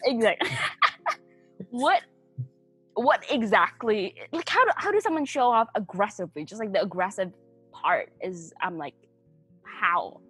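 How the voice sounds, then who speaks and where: A woman with a husky, bright voice whose pitch rises and falls a great deal. She chats casually, giggling and swearing as she guesses playfully, with faint music in the background. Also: animated, measured pace, long pauses. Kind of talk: casual chat.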